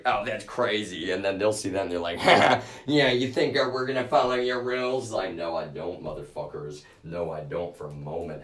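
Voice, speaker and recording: A very deep-voiced man rants on a livestream, agitated and profane, with fillers in every sentence. He sits back from the microphone in an echoey room. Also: recorded from a distance. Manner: agitated, profane, repeats fillers like "you know" and "y'all". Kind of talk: rambling livestream monologue. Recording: echoey room, voice away from the mic.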